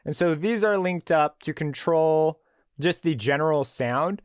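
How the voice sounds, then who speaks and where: A man giving a relaxed, screen-recorded tutorial on a synthesizer plugin, explaining as he tweaks settings. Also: fairly high pitch, unhurried, clear, resonant tone, no echo, studio quality. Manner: relaxed explanatory, thinking aloud with fillers. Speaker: music production tutor.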